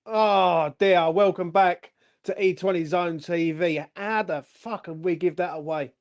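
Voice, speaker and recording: A man's voice: sits high, fairly even intonation, a little slow. A young man, hosting a fan channel's post-match live stream and ranting furiously, with lots of swearing.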